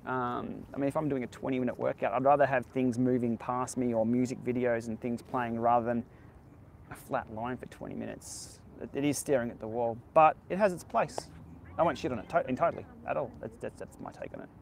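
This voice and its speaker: A man's voice: mid-range voice, steady tone, fairly quick, gravelly, slight background noise. A man hosting a casual live-stream Q&A outdoors by the beach, answering viewer questions in a candid, laid-back way. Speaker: cycling tech channel host.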